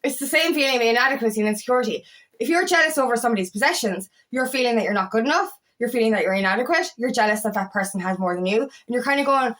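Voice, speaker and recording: A woman's voice: fairly high pitch, quick pace, a bit bright. A young adult woman coaching viewers in casual talk to camera, blunt and heated, swearing often as she rants. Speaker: feminine empowerment coach.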